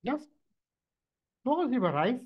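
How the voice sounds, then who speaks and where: A man, a mridangam teacher and therapist, telling stories in an animated lecture, often repeating and restarting words. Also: very high voice, extremely slow, slightly rough. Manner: animated storytelling, frequent repetitions and restarts. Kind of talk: lecture with anecdotes. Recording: dull lo-fi recording.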